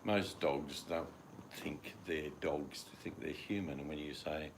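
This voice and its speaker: Very deep gravelly older Australian man. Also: measured pace, background noise. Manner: chatty and rambling, acts out his dogs in quoted voices. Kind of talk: casual chat.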